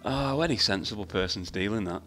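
A man commenting casually on his slot play. He swears freely, talks to himself and shouts at the game. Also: on the low side, brisk, faint music behind. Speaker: slot video host. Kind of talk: casual commentary while playing slots.

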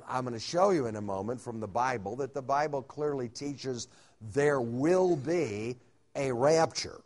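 Male Bible conference speaker, folksy sermon delivery, filler-heavy, jokes along the way. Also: medium pitch. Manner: folksy, with frequent "uh" fillers and humorous asides. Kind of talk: sermon-style Bible teaching. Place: hotel conference room.

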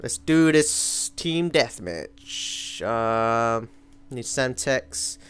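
A young man giving live commentary over his own gameplay, excitable, switching between mumbled asides and sudden yells. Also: medium pitch, very slow, smooth. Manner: excitable, swings from mumbling to yelling. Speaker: gaming commentator. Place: home room.

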